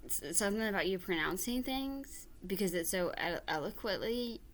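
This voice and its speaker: A woman's voice: mid-range voice, expressive, brisk, a little hiss or hum. A woman hosting a reaction video, giving casual commentary in a sarcastic, mocking way.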